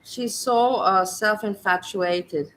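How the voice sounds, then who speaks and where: Woman, commentary host, scornful, blunt, bright tone. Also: medium pitch, takes it slowly, rough recording. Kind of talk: reaction commentary.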